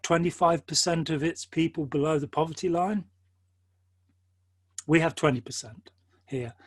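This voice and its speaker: An older English-accented man hosts, his voice a little high and free of echo. He talks earnestly and at length in a wandering conversation, dropping in many quotes and asides.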